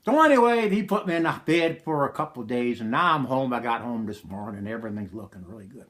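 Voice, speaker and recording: A man's voice: mid-range voice, expressive, quick pace, fairly bright tone, natural voice. A man playing a rowdy, profane rural man, rambling through a wild comic story. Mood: wry. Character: rowdy rural middle-aged man telling a wild tale. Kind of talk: comic character monologue.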